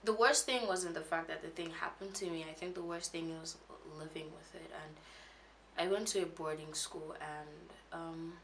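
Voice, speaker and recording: Young woman vlogger, low and gravelly, halting and shaken confessional telling. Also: fairly even intonation, a bit bright, a little hiss or hum. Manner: halting, with many restarts and fillers. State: emotional, shaken when recalling. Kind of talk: personal confessional story.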